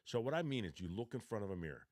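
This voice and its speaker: A man's voice: fairly low pitch, big pitch swings, very fast, a little mellow, no room sound, studio quality. A man in his fifties giving casual, rambling job interview advice on a podcast, often correcting himself mid-sentence. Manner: rambling, self-correcting, acts out both sides of a mock interview. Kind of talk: casual advice talk with role-played practice.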